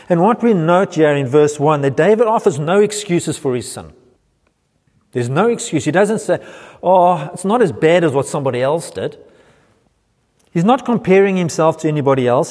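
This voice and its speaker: A middle-aged man preaches as pastor, earnestly working through a passage and quoting scripture. His voice sits a little high for a man. Long reverb from the church hall trails each phrase. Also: a little mellow. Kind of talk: sermon.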